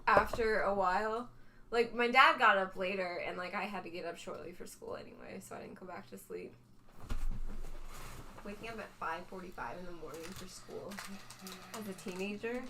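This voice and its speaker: A woman's voice: mid-range voice, moderate pace, sharp tone, slight background noise, poor audio. A young adult woman co-hosting a card-break stream in casual chat, telling stories and laughing often.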